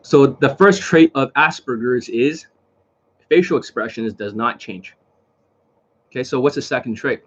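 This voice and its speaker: Man, husky voice, blunt, repetitive, lecturing to camera, dull muffled home recording. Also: mid-range voice, a little slow, long pauses, a bit bright. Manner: blunt, repetitive, lecturing, swears under his breath. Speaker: dating coach. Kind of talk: casual to-camera talk.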